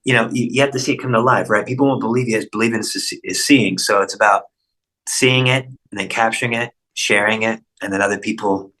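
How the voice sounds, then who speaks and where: A man's voice: fairly low pitch, steady tone, a little fast, sharp tone, poor audio. A man chatting loosely as a guest, swearing and repeating himself. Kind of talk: casual interview chat.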